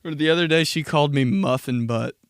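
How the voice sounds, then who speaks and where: Young male podcast host, gravelly, dry close mic, loose profane rambling. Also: on the high side, brisk, no echo. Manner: rambling, laughing, profane storytelling. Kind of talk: casual solo podcast monologue.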